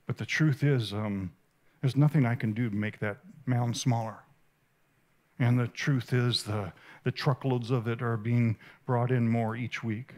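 A man giving a sermon at a conference, earnest and vivid, with halting restarts. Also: mid-range voice, fairly even intonation, a little mellow. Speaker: conference speaker. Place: conference stage.

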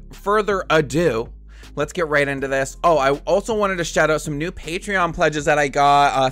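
A man hosting a reaction video, talking in a gushing, excitable and emotional way. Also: fairly high pitch. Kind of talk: casual reaction commentary. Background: faint music.

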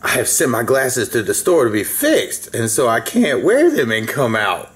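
A man's voice: medium pitch, sing-song, normal speed, fairly bright tone, voice pushed down. A man voicing a sly, hungry big black bear who lures his prey with coaxing talk. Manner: coaxing and sly, then harsh.

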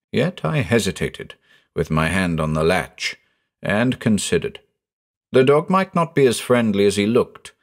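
A man narrating a ghost story in a measured, expressive storytelling style. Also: lowish voice. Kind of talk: scripted audiobook narration.

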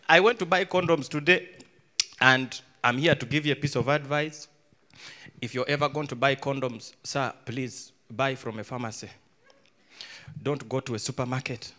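A young adult Ugandan man doing live stand-up comedy, an animated storyteller who swings between hushed mutters and loud outbursts. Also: mid-range voice, moderate pace, long pauses. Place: live comedy stage with audience.

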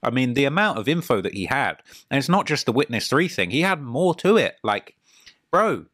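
A man giving a casual reaction commentary while eating dinner, excitable and rambling, often stammering and restarting. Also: medium pitch, brisk, dry recording, clean studio sound. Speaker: reaction video host.

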